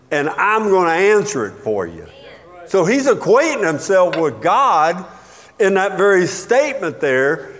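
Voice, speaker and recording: A male pastor preaching a sermon in a church sanctuary, his voice a little higher than most men's. He is emphatic, rising to sharp peaks and dropping low to drive points home, and every word trails off into a long hall reverb. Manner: emphatic preaching with sudden rises and drops in pitch and volume.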